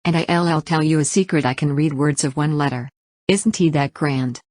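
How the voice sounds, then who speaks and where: A woman's voice: low-pitched, normal speed, darkish tone, no room sound, studio quality. A woman voicing a feeble, nervous fairy-tale queen in a timid, fussy manner, reading the punctuation aloud. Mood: confiding.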